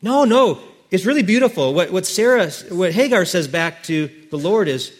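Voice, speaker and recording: Pastor guy preaching, slightly high voice, animated storyteller, fixes his words as he goes. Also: moderate pace. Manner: lively storytelling with self-corrections. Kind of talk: sermon.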